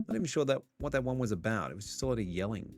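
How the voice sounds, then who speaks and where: A man's voice: medium pitch, animated, rapid-fire. A man streaming a dating game, reading its narration aloud with wry, joking asides. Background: game music.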